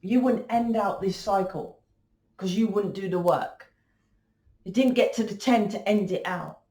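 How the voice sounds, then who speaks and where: A woman's voice: mid-range voice, unhurried, dark tone. A woman giving a blunt, confrontational tarot reading, swearing freely and lecturing the listener. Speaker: tarot reader. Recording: echoey room.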